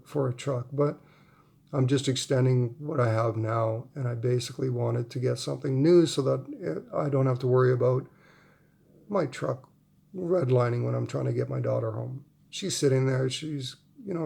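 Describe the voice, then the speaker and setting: A man in his forties tells a long, rambling family anecdote with easy amusement. His voice is gravelly and dark, and he breaks into laughter often as he talks. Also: medium pitch. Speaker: vlogger. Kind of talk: casual storytelling.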